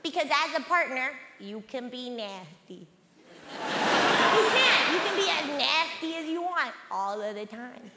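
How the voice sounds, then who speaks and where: A woman doing stand-up on a theatre stage, deadpan and frank, repeating her lines for effect. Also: sits high, normal speed, hardly any pauses. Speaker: stand-up comedian. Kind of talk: stand-up comedy. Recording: echoey theatre hall, loud noise.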